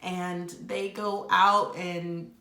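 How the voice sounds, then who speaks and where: A woman giving a casual, opinionated recap of a reality show episode, chatty and animated, with plenty of fillers. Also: fairly low pitch, drawn-out words. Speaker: reality TV reviewer. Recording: echoey room.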